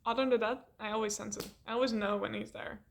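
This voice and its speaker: A young woman telling a rambling, animated story in a casual vlog, laughing often and swearing. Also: a little high, quick pace, gravelly, a little hiss or hum.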